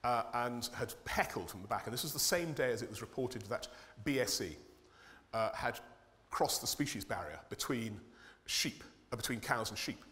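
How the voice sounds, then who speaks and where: A man's voice: fairly low pitch, a little fast, sharp tone. A man giving a humorous, irreverent conference talk, swearing freely with dry comic timing. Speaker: conference speaker, cartoonist. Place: conference hall. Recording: long hall reverb.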